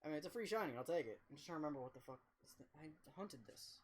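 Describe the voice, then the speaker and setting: A man's voice: on the high side, expressive, rapid-fire. Profane, rambling young male streamer. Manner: rambling, profane, self-mocking. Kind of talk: casual storytelling during a game livestream.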